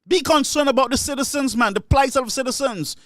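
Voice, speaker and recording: Caribbean guy, really high voice, fired up and ranting about politics, dry close sound. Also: brisk, dry recording. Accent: Caribbean English. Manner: indignant, ranting, repeats himself. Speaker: political commentator. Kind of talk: solo opinion monologue.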